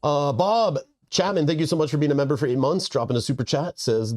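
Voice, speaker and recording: A man's voice: fairly high pitch, fairly quick, hardly any pauses, a little mellow. A stuffy, nasal-sounding man rambling casually while hosting a live stream and thanking his viewers. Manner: rambling, joking asides. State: congested, nasal. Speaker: livestream host.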